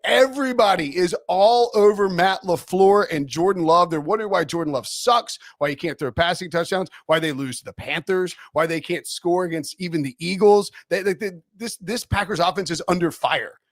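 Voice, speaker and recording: Animated man rambling through betting picks. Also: high voice, moderate pace, few pauses, no room sound, clean studio sound. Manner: rambling, animated, laughing asides. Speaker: NFL betting analyst. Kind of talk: casual sports betting chat.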